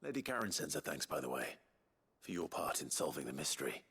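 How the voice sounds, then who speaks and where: A man's voice: a bass voice, very animated, quick pace, a bit bright, breathy edge, full character voice. An actor playing a grave young male swordsman hero in a video game, speaking tersely and with reserve. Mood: polite. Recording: video game audio with music.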